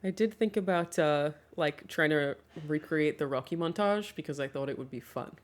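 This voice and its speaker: Young female streamer, low-ish pitch, loose and chatty with plenty of laughs and casual swearing, home desk-mic sound. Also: moderate pace. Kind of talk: casual livestream chat.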